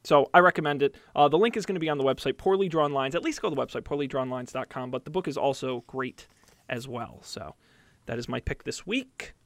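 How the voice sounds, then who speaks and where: A man's voice: medium pitch, a little fast, no room sound. A man hosting a podcast, wrapping up with an upbeat, chatty recommendation full of fillers and restarts. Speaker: podcast host. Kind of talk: casual podcast chat.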